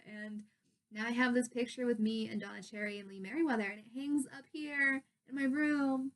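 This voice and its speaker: Young woman, pageant contestant, casual bedroom vlog; gushing, excitable, slightly high voice. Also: fairly quick. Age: young adult. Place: her bedroom.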